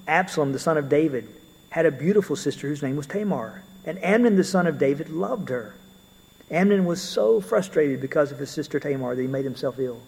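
A man with a somewhat high, husky voice preaching a sermon. He keeps it conversational and mixes in everyday stories. A long reverb of a large hall hangs on every word. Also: a little mellow. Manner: conversational, storytelling asides with occasional fillers.

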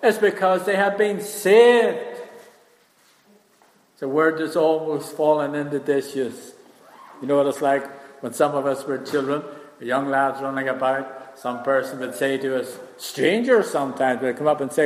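An older man preaching a sermon, emphatic, repeating key phrases and slowing down to stress them. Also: mid-range voice. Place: church hall. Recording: echoey hall with long reverb.

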